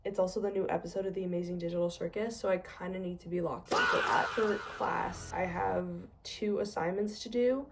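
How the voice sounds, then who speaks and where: A woman's voice: on the low side, steady tone, brisk, creaky, few pauses, background noise. A woman in her twenties, a graduate student, chatting casually to camera in a diary vlog, tired and stressed, self-mocking and a bit dramatic.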